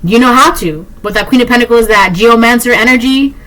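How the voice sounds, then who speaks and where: A woman's voice: fairly high pitch, fairly quick, a bit bright, rough recording. A woman giving a collective tarot reading, blunt and emphatic, repeating herself and talking straight to the viewer. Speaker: tarot reader.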